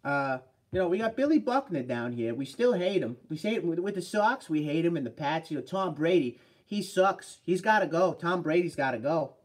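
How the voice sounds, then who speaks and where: A man's voice: fairly high pitch, lively intonation, normal speed, few pauses. A man doing a brash Boston-accent sports fan. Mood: rowdy.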